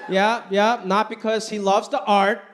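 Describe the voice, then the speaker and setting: A man performing a stand-up comedy routine on stage, animated and putting on voices for the people in his stories. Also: high voice, unhurried. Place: stage before a laughing audience. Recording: live show with crowd laughter.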